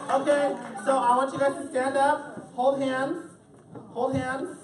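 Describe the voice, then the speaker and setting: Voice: sits high, little pitch movement, heavy background noise. A drag queen reading a storybook aloud to children at a live event, teasing and joking with the audience and drawing out the rhymes. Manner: playful, teasing, jokey; reads rhyming lines slowly and sing-song. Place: indoor event space with families. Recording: echoey room from far off, loud crowd.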